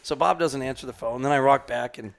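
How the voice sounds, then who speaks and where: On a podcast, a man working as a hunting guide tells a long, casual story, rambling with lots of fillers, restarts, and laughs. He speaks a little fast in a mid-range voice, with crowd noise in the background.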